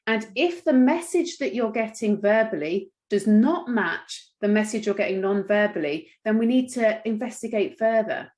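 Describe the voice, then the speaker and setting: A woman from England runs an online masterclass for international doctors. Her delivery is measured and explanatory, and she briefly acts out what patients might say. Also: mid-range voice, darkish tone.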